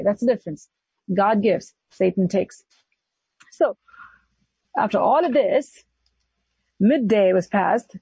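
Woman preacher, husky voice, goes high then drops low for emphasis, kinda muffled lo-fi sound. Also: slow, long pauses, no echo. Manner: animated, swings between high exclamations and low hushed emphasis. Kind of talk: sermon.

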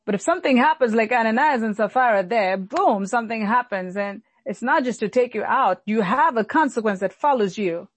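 A woman pastor delivering an earnest sermon, slowing down and repeating lines for emphasis. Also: fairly high pitch, lively intonation, slightly rough, no echo. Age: adult, recalls childhood many years ago.

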